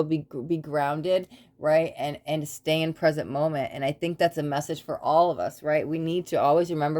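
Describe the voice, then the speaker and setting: A woman's voice: sits low, a little mellow. A woman doing a tarot reading for her viewers, talking in an earnest, rambling way and often checking in with "right?". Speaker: tarot reader. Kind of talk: casual spiritual talk to camera.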